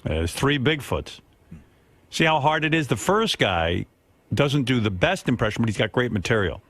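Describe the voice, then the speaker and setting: Animated man hosting radio talk. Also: medium pitch, normal speed, no room sound. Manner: animated, wry, reacting and laughing. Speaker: radio host. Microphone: studio mic.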